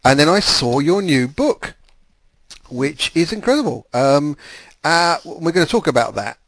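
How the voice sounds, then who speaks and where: Rambling podcast host, dry sound. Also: male voice, fairly high pitch, animated, unhurried, a bit bright, dry recording. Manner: rambling, with many fillers and restarts. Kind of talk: casual podcast interview.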